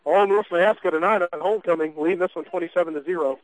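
A folksy man calls a high school football game for local radio, his voice sitting a touch high for a man. He chats freely between plays, with plenty of fillers and restarts, and the sound is close and dry. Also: rapid-fire, no room sound, rough recording. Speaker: play-by-play announcer. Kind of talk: local radio sports commentary.

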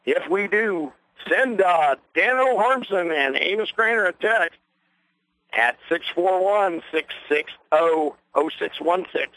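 Bright-voiced man calling a radio game. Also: sits high, lively intonation, no room sound, low-quality recording. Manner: folksy, rambling, quickens on big plays. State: losing his voice. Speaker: play-by-play announcer. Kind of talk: local radio sports commentary.

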